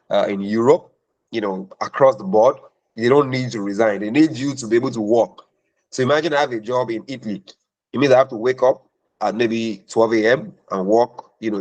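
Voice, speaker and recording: A man's voice: on the low side, darkish tone, low-quality recording. A man talking as a career mentor in a question-and-answer session, emphatic and preachy, repeating points for stress.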